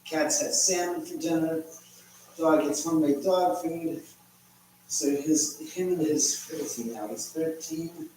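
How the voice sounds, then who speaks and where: A man's voice: on the high side, unhurried, warm tone, a little hiss or hum. A man hosting a casual livestream, chatty and rambling as he reads viewer comments while cooking in his home kitchen. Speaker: livestream host. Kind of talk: casual live chat. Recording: echoey room from far off, faint ambience.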